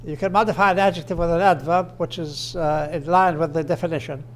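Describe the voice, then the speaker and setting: A man giving a grammar lecture, slowing down and stressing his example phrases. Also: fairly high pitch, fairly even intonation, a little hiss or hum. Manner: explanatory, with fillers and restarts. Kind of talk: recorded lecture.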